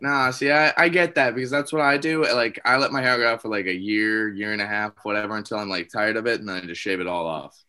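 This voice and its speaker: A man's voice: lowish voice, steady tone, fast talker, hardly any pauses, sharp tone, smooth. A man who is a comedian guest on a podcast, telling wry, self-deprecating stories in casual chat.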